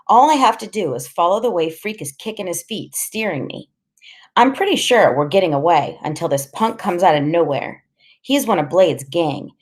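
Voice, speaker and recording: A woman narrates a storybook audiobook in the first person. Her voice sits low but swings with lively, expressive melody. She keeps a conversational, storytelling manner.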